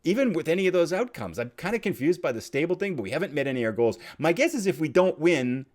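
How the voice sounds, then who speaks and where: Guy doing game commentary, fairly high voice, bounces all over, mumbles then yells. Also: fast. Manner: swings from low muttering to excited shouting; chatty, thinks aloud while clicking. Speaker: let's play host.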